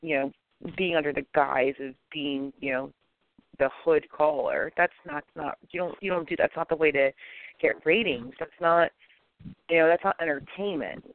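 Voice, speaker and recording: Man, podcast host, opinionated, rambling, slightly higher voice, tinny phone-like dry audio. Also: normal speed, no room sound. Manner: animated, opinionated, rambling with many restarts. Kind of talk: casual podcast chat.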